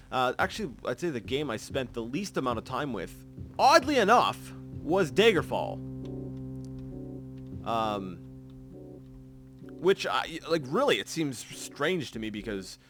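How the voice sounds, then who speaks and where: A man commentates his gameplay in a casual, rambling way. He stops and restarts often, piling up fillers, and his pitch rises and falls a lot. Faint guitar music plays behind him. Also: sing-song, a little slow, long pauses, a bit bright. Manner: rambling, self-correcting, many fillers. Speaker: let's play host.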